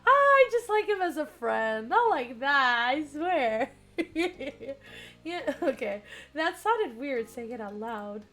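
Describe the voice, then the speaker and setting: Giggly high-voiced young woman streamer. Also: takes it slowly, faint music behind. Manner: giggly, excitable, chats with viewers. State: strained, cracking voice. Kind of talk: reading a dating game aloud on stream.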